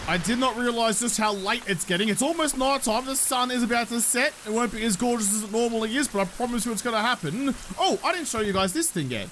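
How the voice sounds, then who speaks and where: A man's voice: very high-pitched, expressive, fast, hardly any pauses, fairly bright tone, a little hiss or hum. A man giving chatty, self-mocking solo gameplay commentary, swearing now and then. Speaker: gaming YouTuber.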